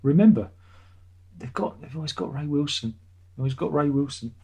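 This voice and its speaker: Rambling man, husky mellow voice. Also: a little high, moderate pace. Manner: rambling, sarcastic, laughs at his own jokes. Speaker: live stream host reading chat. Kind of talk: casual chat.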